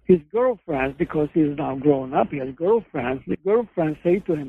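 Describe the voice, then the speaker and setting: A man's voice: on the high side, animated, moderate pace, vocal fry, hardly any pauses, a little hiss or hum. A man, a guest author and psychoanalyst, telling case stories in a rambling, hesitant way. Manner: discursive storytelling, frequent hesitations and self-corrections. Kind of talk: conversational interview. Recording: phone-line audio.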